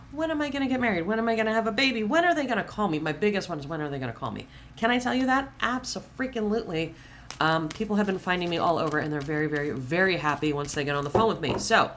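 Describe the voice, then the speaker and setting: A woman's voice: mid-range voice, slight background noise. Chatty woman giving a casual tarot reading. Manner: chatty, animated, swearing casually. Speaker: tarot reader.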